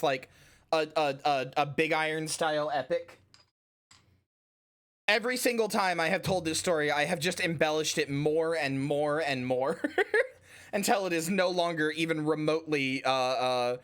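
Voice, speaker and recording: A woman streamer telling a story in casual stream chat, animated and rambling, and swearing casually. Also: sits low.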